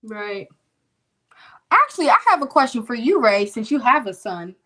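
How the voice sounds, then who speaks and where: Bright, animated young woman storyteller. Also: on the high side, moderate pace. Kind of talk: casual testimony storytelling.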